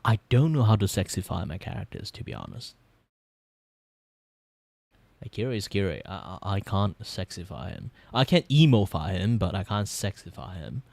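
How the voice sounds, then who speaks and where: A young man with a Malaysian English accent talks in a fairly low voice, recorded close and dry with no room sound. He rambles through loose, casual stream chatter while he draws, swearing freely and breaking into laughter often. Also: very animated, normal speed, vocal fry, darkish tone, dry recording. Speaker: vtuber streamer. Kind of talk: casual livestream chat while drawing.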